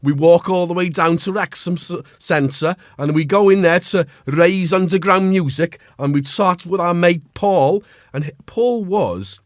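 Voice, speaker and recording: A man's voice: high voice, measured pace, few pauses, no echo, studio quality. A middle-aged man from North Wales with a North Welsh accent, chatting casually with viewers on a live stream while he has a cold. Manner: chatty, greets viewers, jokey asides. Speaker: livestream host.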